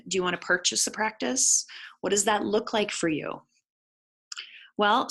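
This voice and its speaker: A woman's voice: mid-range voice, a bit bright. A middle-aged woman teaching a business webinar for chiropractors, firing off rhetorical questions at the listener. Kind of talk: webinar lesson.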